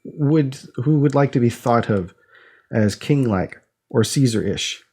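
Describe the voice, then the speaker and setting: A man's voice: medium pitch, expressive, unhurried, darkish tone, husky. A man co-hosting a casual podcast, rambling through an idea aloud with many restarts. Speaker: podcast co-host. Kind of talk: casual chat.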